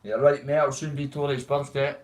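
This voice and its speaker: A man's voice: medium pitch, fairly even intonation, a little fast, a little mellow, poor audio. Man, Dundee Scottish accent, livestream host, casual rambling chat, calls everyone mate. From Dundee, Scotland.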